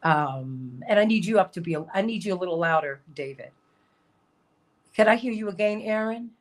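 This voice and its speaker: A woman's voice: lowish voice, lively intonation, moderate pace. A woman hosting a talk show, talking casually and emphatically, repeating her points and laughing often.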